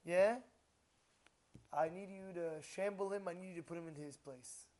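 A male rabbi tells a story in a sermon, his voice sitting very high for a man. He acts out the people in it with loud, animated bursts, then sinks back to a low murmur. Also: normal speed. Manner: drops to a low murmur between outbursts.

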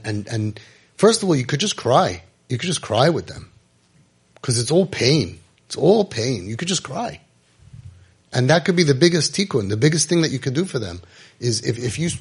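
Gravelly, husky man, emphatic. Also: medium pitch, lively intonation, normal speed. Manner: emphatic, repeats phrases, drops to quiet intensity. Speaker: rabbi giving parenting advice. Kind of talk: impassioned storytelling talk.

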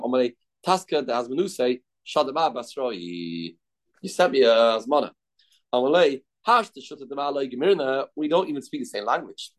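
A man giving a daily Talmud class, retelling the rabbis' exchanges with animated back-and-forth and Aramaic terms mixed into his English. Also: mid-range voice, moderate pace, poor audio. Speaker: Talmud teacher. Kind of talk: daf yomi lesson, retelling a Talmud story.

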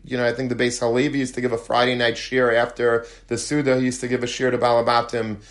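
A man's voice: medium pitch, fast talker. Male rabbi, sermon storyteller with plenty of color. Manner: lively storyteller, acts out quotes, Yiddish and Hebrew terms. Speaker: rabbi giving a talk.

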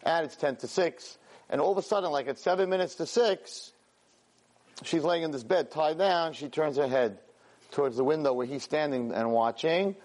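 A man teaching a weekly class, telling a story with lively energy, stumbling over and repeating words and acting out the characters' lines. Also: on the high side, moderate pace. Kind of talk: animated storytelling lesson.

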